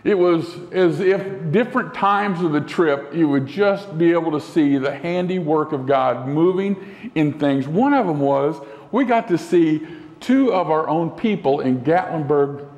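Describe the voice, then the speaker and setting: A male pastor delivering a sermon in an earnest way, slowing down and dropping to a soft voice for emphasis. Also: fairly high pitch, lo-fi sound. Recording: long hall reverb.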